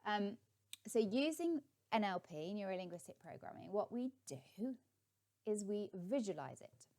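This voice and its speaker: A woman's voice: medium pitch, animated, unhurried, warm tone. A middle-aged woman, a life coach, giving a guided visualisation tip in a chatty, encouraging way with many ums.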